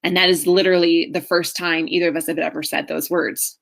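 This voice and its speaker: A middle-aged woman, a marriage coach, tells her own hard story in an earnest, heartfelt way. Her voice sits a little low, and she leaves slow pauses as she talks. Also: level tone, vocal fry, a bit bright. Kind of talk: personal story talk.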